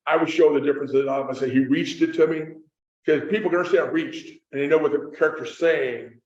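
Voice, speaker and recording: A middle-aged man with a Kentucky accent speaks in a fairly high voice as he gives a casual talk to a live audience. He rambles through his stories and keeps correcting himself. He sounds far from the mic in an echoey room, and the recording is dull. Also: quick pace. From Kentucky, USA. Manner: chatty storyteller with frequent restarts and self-corrections. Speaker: author and screenwriter giving a talk.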